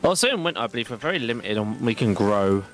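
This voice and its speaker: A man's voice: mid-range voice, very animated, fast, fairly bright tone, faint music behind. A man streaming a game from home, rambling casually and poking fun at himself as he plays. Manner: rambling and self-deprecating. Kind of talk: casual live-stream commentary while gaming.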